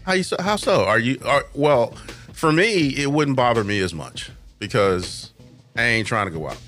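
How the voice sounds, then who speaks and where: A man's voice: mid-range voice, lively intonation, normal speed, a bit bright, soft background music. A man co-hosting and producing a casual podcast, teasing his friend, laughing often and tripping over his words. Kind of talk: casual chat.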